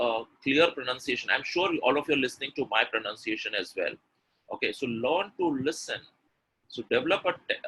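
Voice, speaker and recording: Guy teaching pronunciation on a webinar, bright tone, kinda husky, keeps coaxing people. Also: medium pitch, low-quality recording. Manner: coaxing, repetitive, addresses attendees directly. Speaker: English pronunciation coach.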